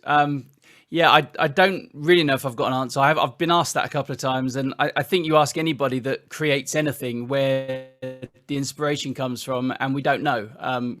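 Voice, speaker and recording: A middle-aged man from Britain, telling stories as an interview guest with lively restarts. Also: mid-range voice, no room sound, studio quality. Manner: animated storytelling with frequent restarts. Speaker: interview guest, singer-songwriter. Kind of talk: casual interview chat.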